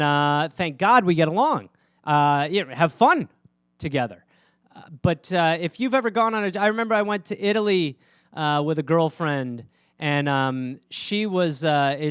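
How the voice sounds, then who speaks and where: A man's voice: a little high, fairly bright tone, smooth, dry recording. A man hosting a comedy podcast, rambling through a profane monologue with lots of fillers.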